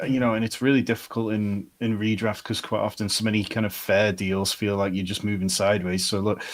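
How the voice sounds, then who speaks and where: A male fantasy football co-host with a fairly low voice. He talks in a calm, measured way, laying out matchups and trade logic. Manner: measured and analytical. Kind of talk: live casual sports advice chat.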